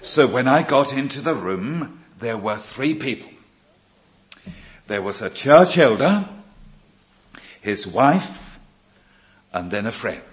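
A man's voice: mid-range voice, sing-song. A male preacher telling a conversion story in a sermon, quoting the people in it as he goes. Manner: slow storytelling, quoting others in dialogue. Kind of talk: sermon testimony. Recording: dull lo-fi recording.

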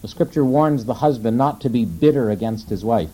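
A man preaching a sermon in a conversational way, asking his listeners questions and slowing down to quote scripture. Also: medium pitch, lively intonation, dark tone, poor audio. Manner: conversational, asks the audience questions.

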